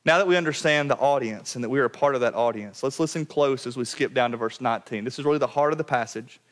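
A pastor preaches a sermon to his church in the sanctuary, speaking fast, earnest and direct. He often drops to a quiet, low voice to drive a point home.

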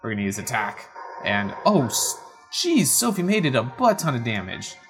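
A man's voice: medium pitch, very animated, fairly quick, over music. A man streaming a game playthrough, chatting in a wry, easily amused way at a desk mic. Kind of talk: casual live game playthrough commentary. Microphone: webcam setup with desk mic.

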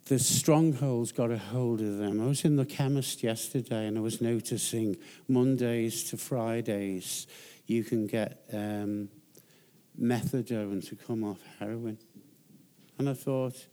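A male guest pastor preaches slowly and deliberately. He tells stories with emphasis, and his voice jumps higher to drive points home. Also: steady tone, mellow. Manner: storytelling, emphatic, rises in pitch for emphasis. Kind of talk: sermon.

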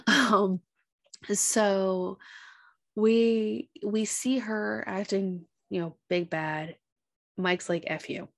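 A woman's voice: medium pitch, drawn-out words, vocal fry. A woman co-hosting a podcast, retelling a movie's plot in casual chat and acting out the characters' lines. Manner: animated retelling, acts out quotes. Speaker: podcast co-host.

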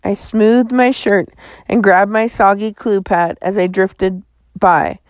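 A woman reading a children's novel aloud in a measured storytelling manner. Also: mid-range voice, no echo. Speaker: audiobook narrator.

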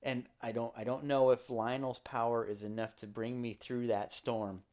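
A man's voice: mid-range voice, little pitch movement, normal speed, a little mellow. Male podcast co-host, loose and playful, rambles through casual banter. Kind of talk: casual chat.

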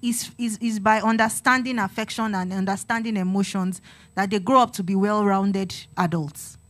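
A woman's voice: medium pitch, steady tone, normal speed, fairly bright tone. A woman giving a sermon-style talk to a congregation, earnest and exhorting, repeating her phrases and acting out talks with her children. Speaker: church speaker on parenting.

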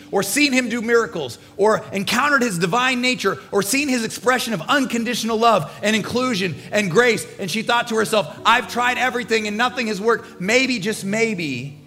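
A male pastor preaching a sermon, animated and emphatic, swinging from hushed lines to loud bursts. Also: high voice. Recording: long hall reverb with faint music.

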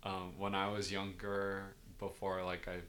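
A young man with a very low voice chats casually on a podcast. He speaks loosely, full of fillers and self-deprecating asides. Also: completely flat delivery, measured pace, a bit bright, a little hiss or hum. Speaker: podcast co-host. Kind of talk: casual chat.

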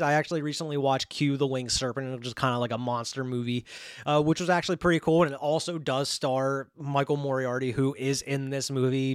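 A young man talks through a horror film review in a loose, rambling way, leaning on filler words as he goes. His voice sits at a middle pitch and the recording is dry, with no room sound. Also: no echo. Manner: rambling, heavy on "you know" and "like". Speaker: movie reviewer. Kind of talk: casual spoken film review.

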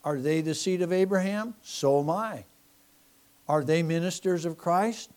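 Animated preacher man, loud and quiet by turns. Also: a little high, a little slow. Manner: mocking, sarcastic humor. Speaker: pastor. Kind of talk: sermon.

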